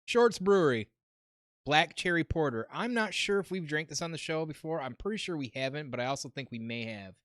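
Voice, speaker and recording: A man's voice: on the high side, lively intonation, a little fast, fairly bright tone, no room sound. A man hosting a casual podcast, laid-back and rambling, swearing now and then. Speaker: podcast host. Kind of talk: casual chat.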